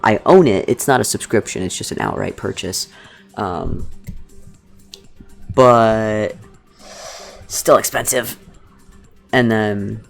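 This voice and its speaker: Woman chatting casually, a bit gravelly. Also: very deep voice, takes it slowly, long pauses, soft background music. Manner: rambling and chatty, swears casually, laughs often. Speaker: streamer making fursuit badges. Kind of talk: casual live-stream chat. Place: living room couch at home.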